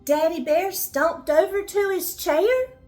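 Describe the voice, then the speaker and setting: An older woman reading a children's bedtime story, gently asking the listening children questions as she goes. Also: very high-pitched, expressive, slow, soft background music.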